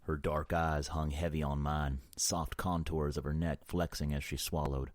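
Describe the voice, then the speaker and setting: A man narrating an audiobook in the first person with a measured, brooding delivery. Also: a bass voice, flat delivery, no echo, studio quality.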